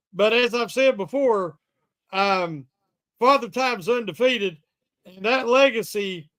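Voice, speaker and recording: A man with an unusually high voice gives his take on a sports podcast. He talks in a measured, halting way, padding his thoughts with fillers. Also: fairly bright tone. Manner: measured, hesitant, with many fillers. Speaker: podcast co-host. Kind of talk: casual sports debate.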